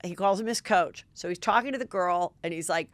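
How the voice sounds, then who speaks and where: A middle-aged woman hosting a podcast, telling gossipy stories in a lively, chatty way. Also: fairly low pitch, no room sound. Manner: gossipy, animated, quick asides. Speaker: podcast host. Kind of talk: casual chat.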